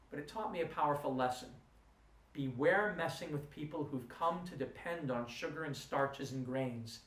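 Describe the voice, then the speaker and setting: Middle-aged lecturer telling a story. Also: male voice, fairly high pitch. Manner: animated anecdote-telling, voicing quotes. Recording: roomy, from a distance.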